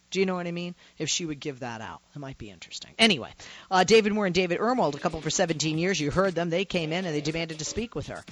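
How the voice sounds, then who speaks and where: A woman's voice: on the low side, fairly bright tone, dry recording, highs cut off. A woman from the Boston area with a Boston accent, hosting a talk radio show and delivering an indignant, sarcastic monologue full of rhetorical questions.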